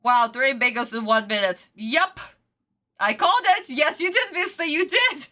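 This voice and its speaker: A woman's voice: high-pitched, expressive, normal speed, bright, forceful tone. A young adult woman streaming an episode reaction, ranting and swearing in exasperated outbursts. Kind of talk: casual livestream reaction.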